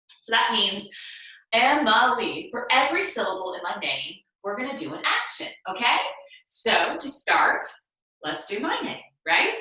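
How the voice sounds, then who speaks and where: A woman's voice: mid-range voice, sing-song, normal speed, pushed and bright. A young woman leading a children's yoga lesson with upbeat, encouraging, sing-song prompts, recorded at home by a camera at a distance. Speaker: kids yoga teacher. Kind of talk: guiding a children's movement lesson. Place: room at home. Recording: echoey room, voice off-mic.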